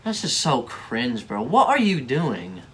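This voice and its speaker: A man's voice: medium pitch, huge pitch swings, slow, a bit bright, slight background noise. A young man giving casual reaction commentary, slangy, mocking and easily exasperated. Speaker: video reactor.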